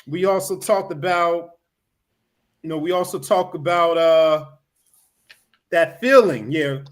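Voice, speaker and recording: A man hosting a casual podcast, his voice sitting a little high. He rambles, restarts his sentences and leans on "you know" as he goes. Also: slow. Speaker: podcast host.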